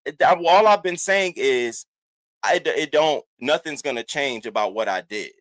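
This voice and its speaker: Brief: male livestream host, AAVE, lively and profane, greeting viewers one by one, dry room. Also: fairly high pitch, moderate pace, no echo. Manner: animated, profane, shouting out chat names. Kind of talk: casual livestream chat.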